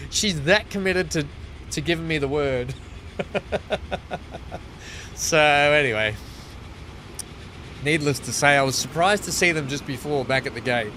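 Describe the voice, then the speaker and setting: A man's voice: a little high, measured pace, long pauses, a little hiss or hum, low-quality recording. A man chatting casually while playing a game on a livestream, telling stories with frequent laughs. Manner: animated storyteller, laughs often, chatty. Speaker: streamer.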